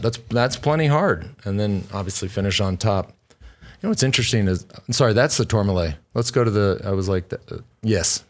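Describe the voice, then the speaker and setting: A man co-hosting a casual cycling podcast, a former pro rider who talks bluntly, swears freely and rambles through restarts. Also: lowish voice. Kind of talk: casual chat.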